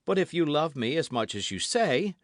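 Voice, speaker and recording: An ardent young swordsman, gallant and earnest, pleading in a caressing tone, as the narrator voices him. The voice rides higher than the reader's own and moves with lively inflection. It is recorded dry and close. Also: normal speed, no echo.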